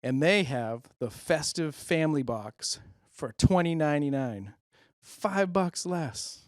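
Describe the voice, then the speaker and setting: A middle-aged man hosts a stand-up comedy monologue, rambling and self-deprecating. His pitch swings widely as he mutters asides. The sound is dry and close. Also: lively intonation, takes it slowly, no room sound. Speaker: comedian host.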